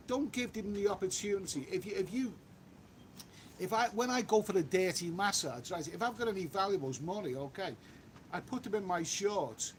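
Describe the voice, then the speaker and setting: A chatty man talks on a live stream, reading out comments and circling back over his points. His voice sits high for a man. Faint outdoor noise runs behind him. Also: expressive, moderate pace. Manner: chatty, repeats himself, reads comments aloud. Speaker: travel vlogger reading live chat. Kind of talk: casual live-stream chat. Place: outdoors on a walk.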